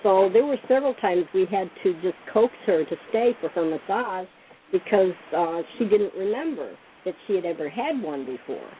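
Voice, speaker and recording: A woman who gives massages, calmly recounting stories from her work in an interview. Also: medium pitch, normal speed. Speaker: massage therapist guest. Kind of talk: casual interview storytelling. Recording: tinny phone line with faint noise.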